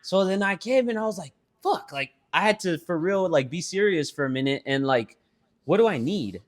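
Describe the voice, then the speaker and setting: A young man with a slightly raised voice tells a story on a casual podcast. He swears freely and acts out his own reactions with animated energy. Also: high voice, brisk. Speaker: podcast co-host.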